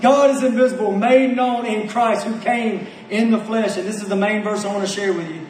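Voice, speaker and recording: High-voiced passionate male preacher, echoey. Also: steady tone, moderate pace, a little mellow, recorded from a distance, a little hiss or hum. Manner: passionate, rhetorical questions, repeats phrases. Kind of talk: sermon.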